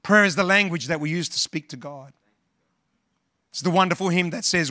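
A man's voice: high voice, normal speed, sharp tone, no echo, studio quality. A male pastor preaching earnestly, often repeating words and quoting scripture and hymns. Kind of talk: sermon.

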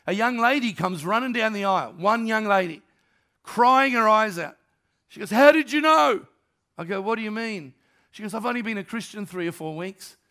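An older man, a pastor telling stories in a sermon and acting out the dialogue, dropping to softer tones. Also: high-pitched, creaky. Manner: animated storyteller, acts out dialogue, drops to soft tones. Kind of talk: storytelling sermon.

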